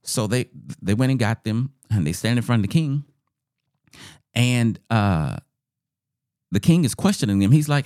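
A man's voice: mid-range voice, animated, unhurried, long pauses, a little mellow, no echo, clean studio sound. A man giving a casual, conversational sermon, often repeating words and checking in with "right?".

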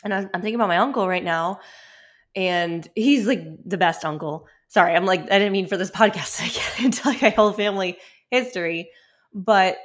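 A pregnant woman in her thirties hosting a casual solo podcast, talking in a chatty way with lots of "like" and quick restarts. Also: medium pitch. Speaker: podcast host.

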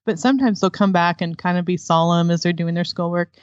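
Woman, fairly low voice, candid storytelling, dry muffled sound. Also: steady tone, brisk, smooth, dry recording. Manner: candid, laughs often, warm storytelling. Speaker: guest, adoptive homeschooling mother. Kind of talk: conversational interview.

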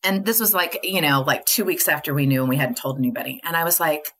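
A woman's voice: sits low, fast, a bit bright, a little hiss or hum. A woman guest telling personal stories in an earnest, chatty way, full of likes and you knows, often breaking into laughter. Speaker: podcast guest. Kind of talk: candid conversational storytelling.

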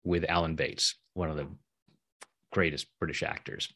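A middle-aged man telling a personal story in a casual interview, lively when he acts out what others said and laughing often. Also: very deep voice, normal speed, gravelly, breathy edge. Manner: animated when acting out quoted voices, laughs often. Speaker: interview guest, EFT practitioner.

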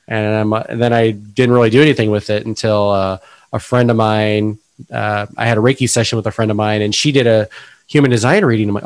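American guy on a podcast, lowish voice, dry close sound, rambles eagerly. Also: fairly even intonation, a little fast, no echo. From United States. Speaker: podcast guest. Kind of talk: casual interview chat.

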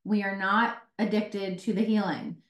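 A woman's voice: medium pitch, steady tone, unhurried, lo-fi sound. Candid swearing woman coach, roomy echo. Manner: mimics others' voices in quotes. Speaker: life coach. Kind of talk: casual solo podcast monologue.

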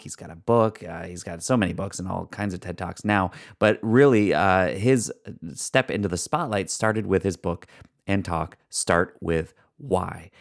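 A man with a low, gravelly voice hosts a solo podcast. He talks upbeat and leans on key words by drawing them out slowly. The fry in his voice runs steadily through the talk. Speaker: podcast host.

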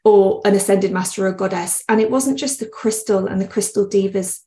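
A woman's voice: medium pitch, fairly quick, dark tone. Earnest rambling woman. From West Midlands, England. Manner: earnest, rambling with frequent laughs. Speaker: podcast guest. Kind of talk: conversational podcast interview.

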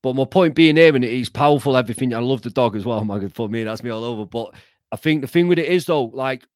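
A man's voice: medium pitch, fast, no echo. Guy hosting a podcast, super dry close sound, keeps hyping up his guest, motivational vibe. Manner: enthusiastic, affirming, motivational. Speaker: podcast host. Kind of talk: casual conversational interview.

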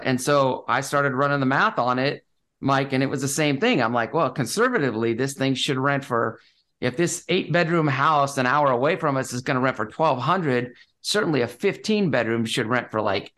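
A man's voice: medium pitch, lively intonation, normal speed, a bit bright. A man, a real estate investor guest, talking casually and enthusiastically, with lots of fillers and restarts. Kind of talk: casual interview talk.

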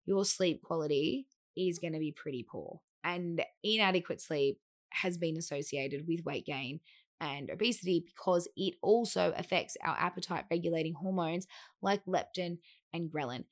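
Woman in her thirties, podcast host and coach, casual monologue, chatty, slightly low pitch. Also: normal speed. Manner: chatty, animated, acts out quoted remarks.

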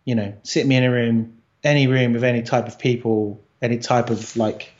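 A middle-aged Englishman from the Isle of Wight, with a British accent, speaks at normal speed in a medium-pitched, level, darkish voice. He's an easygoing guest and agency co-founder in a casual conversational interview, thinking aloud thoughtfully with frequent fillers and restarts, on a muffled lo-fi recording.

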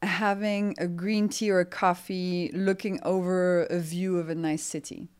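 A woman's voice: fairly low pitch, little pitch movement, unhurried, a little mellow, smooth. A young woman, a guest author, talking casually and upbeat in an interview, often saying "like".

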